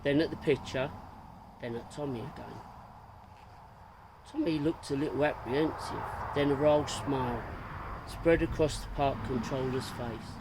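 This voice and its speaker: A man reading a story aloud in a steady, plain narrating voice. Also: mid-range voice, normal speed, noisy background.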